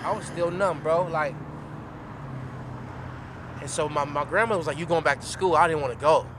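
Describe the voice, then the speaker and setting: Young man, podcast guest, slangy heartfelt storyteller, halting delivery, road traffic noise behind. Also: fairly high pitch, fairly bright tone. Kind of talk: storytelling in casual chat. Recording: noisy traffic in background.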